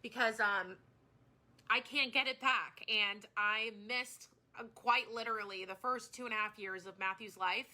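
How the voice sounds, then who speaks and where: A woman in her thirties talks to her live-stream viewers in a very bright, fairly high voice. She is a small business owner who speaks earnestly and from the heart. She often rambles and starts sentences over. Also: a little slow.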